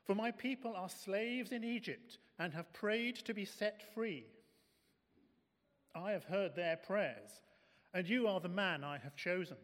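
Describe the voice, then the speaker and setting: A man's voice: sits high, animated, unhurried, a bit bright. A man reading aloud, voicing God as a firm, solemn and reassuring presence. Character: commanding yet reassuring male God. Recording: echoey hall.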